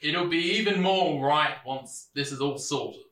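A man's voice: a little high, measured pace, a bit bright, echoey room. A man playing a smug, folksy small-town sheriff who talks down to people, tacking on "eh?" and "lad" in an audio drama. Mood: soothing. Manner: patronizing, sing-song, tags lines with "eh?" and "lad".

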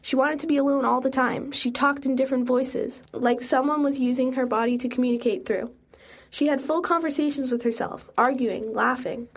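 A young adult woman reading a first-person story aloud in an earnest, steady way. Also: high-pitched, normal speed. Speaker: narrator.

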